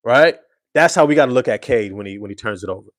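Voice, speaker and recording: A man's voice: medium pitch, racing, no echo, clean studio sound. A man hosting casual live-stream sports commentary, emphatic and slangy, repeating his points.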